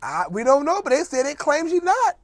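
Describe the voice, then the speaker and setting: A man's voice: very high voice, big pitch swings, a little fast, no room sound. A man hosting a casual comedic monologue, joking and mocking as he rambles, laughing often. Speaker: host.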